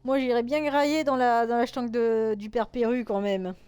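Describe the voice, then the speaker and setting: Female streamer: high voice, joking and cursing, casual game commentary. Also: steady tone, brisk, darkish tone, clear, resonant tone, no echo. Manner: jokey, swearing, thinking aloud. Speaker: let's-play streamer.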